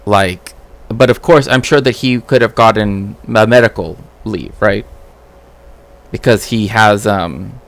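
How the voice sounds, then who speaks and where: A man's voice: fairly low pitch, a little slow. A man streaming casual commentary as a cultural historian, rambling with frequent "right?" tags and restarts.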